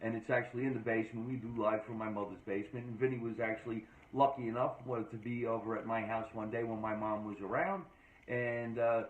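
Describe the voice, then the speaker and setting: A man from New Jersey hosting a casual podcast chat, energetic and joking with emphatic delivery. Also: on the low side, a little fast. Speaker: podcast host. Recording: echoey room, dull lo-fi sound.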